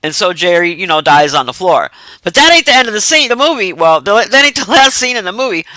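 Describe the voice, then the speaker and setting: A man's voice: sits high, very animated, fast talker, pushed and bright, no room sound, poor audio. A man casually recapping a film plot in a rambling, profane way with frequent laughter. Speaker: movie reviewer.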